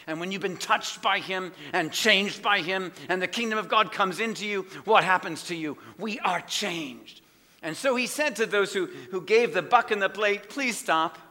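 A man preaching a sermon in a church, impassioned, swinging between hushed asides and loud declarations. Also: on the high side, big-room sound.

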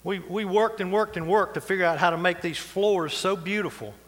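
A man's voice: high-pitched, a little fast, a bit bright. A man preaching a sermon as pastor, folksy and conversational, with asides and chuckles. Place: church sanctuary. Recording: long reverb of a church hall.

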